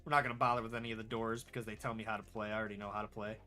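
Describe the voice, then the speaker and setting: A man's voice: on the low side, level tone, very fast, pushed and bright, soft background music. A young man casually commenting on his gameplay, laid-back and rambling, swearing now and then. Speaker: gaming streamer.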